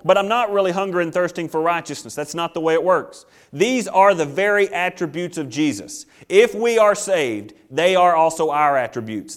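A man with a high voice preaches a sermon as a pastor. He drives his points home with an emphatic, repeating cadence.

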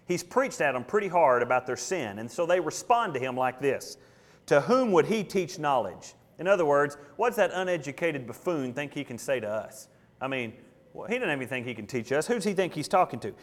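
A man delivers an expository sermon with emphatic force, dropping to hushed asides and then rising to loud declarations. His voice sits a little high for a man. The sound rings with the long reverb of a large hall. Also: very animated, a little fast. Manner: emphatic, mocking voices of scoffers, dramatic swings in loudness. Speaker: preacher.

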